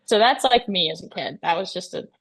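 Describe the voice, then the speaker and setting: Low gravelly woman, casual rambling. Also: expressive, fairly quick. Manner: rambling, fills with "like". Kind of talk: casual chat.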